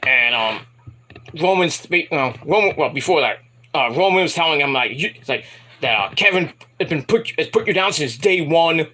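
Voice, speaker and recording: Man reviewing wrestling, bright husky voice, lively rambling retelling. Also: fairly high pitch, normal speed. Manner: rambling, animated retelling with asides. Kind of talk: casual review vlog.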